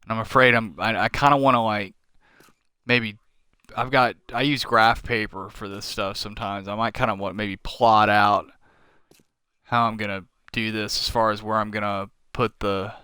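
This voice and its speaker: A tired man thinking aloud as he streams a game late at night, slow and rambling with many fillers. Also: fairly low pitch, little pitch movement, pushed and bright, smooth, no echo, studio quality. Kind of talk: casual live-stream commentary.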